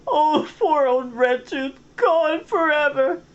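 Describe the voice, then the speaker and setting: A man's voice: fairly high pitch, sing-song, normal speed, breathy edge, highs cut off, pitched above the performer's own voice. A man voicing a dim, blustering male rat henchman who babbles and whines in a storybook reading. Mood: blubbering. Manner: babbling, whiny.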